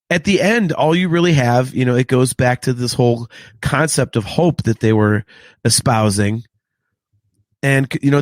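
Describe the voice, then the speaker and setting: A man hosting a casual podcast chat, talking in an excitable, profane, ranting way. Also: mid-range voice, dry recording. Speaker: podcast host.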